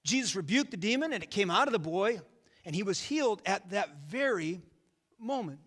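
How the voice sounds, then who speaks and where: Male pastor, high and bright voice, folksy sermon in a reverberant church hall. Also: expressive, moderate pace. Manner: storytelling, folksy, rhetorical questions. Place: church sanctuary.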